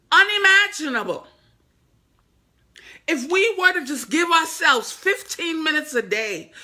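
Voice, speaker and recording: A woman with a high, bright voice gives an inspirational faith talk. She takes her time and speaks in an unhurried, emphatic, preacher-like rhythm. She repeats her key phrases and coaxes the listener directly. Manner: emphatic, repetitive, preacher-like cadence; addresses the listener directly, coaxing. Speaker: motivational speaker and author.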